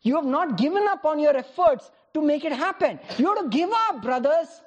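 A woman's voice: high voice, expressive, moderate pace, lo-fi sound. A woman preaching a sermon, firing rhetorical questions at the congregation, calling on people by name and laughing often between points.

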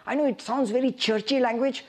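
A woman's voice: a little high, fairly even intonation, a little fast, darkish tone. A woman preaching a sermon, reading scripture aloud and asking the congregation questions.

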